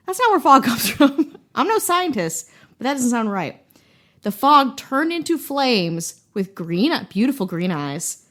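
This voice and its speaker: A woman from Wisconsin hosting a podcast, telling a story casually with jokey asides and laughter. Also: on the low side. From Wisconsin, USA. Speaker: podcast host.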